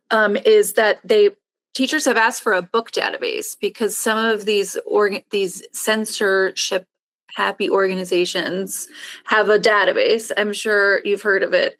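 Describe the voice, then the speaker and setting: A woman on a video-call panel, talking freely at a mid pitch. She searches for words, restarting her sentences and dropping fillers as she goes. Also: a bit bright. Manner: quick, loose, many fillers and restarts. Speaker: panelist from a small nonprofit. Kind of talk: online panel discussion.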